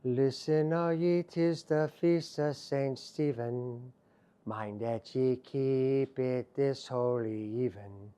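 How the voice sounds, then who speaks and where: A young girl sings a carol slowly and softly with an Irish lilt, as a storyteller voices her. The singing stays low and gentle, like a moment from a spoken folktale. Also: fairly even intonation, smooth, natural voice. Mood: tender.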